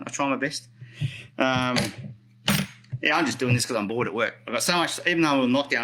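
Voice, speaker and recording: Chatty Aussie man with a bright voice. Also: medium pitch, low-quality recording. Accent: Australian. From Australia. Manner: chatty, rambling, self-correcting, reads out viewer comments. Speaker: roller skate hobbyist demonstrating maintenance. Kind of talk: casual live-stream tutorial.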